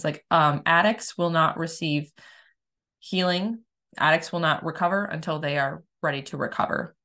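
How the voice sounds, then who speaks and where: Candid low-voiced woman healer talking. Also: fairly bright tone. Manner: candid and emphatic, swears freely, restarts sentences often; rises high and fast when acting out her past frustration. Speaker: energy healer. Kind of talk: casual personal monologue.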